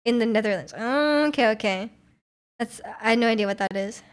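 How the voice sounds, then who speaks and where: A young woman chats with her live stream viewers, rambling and restarting her sentences, often breaking into giggles. Her voice sits a little on the high side. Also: brisk. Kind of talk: casual chat with live chat.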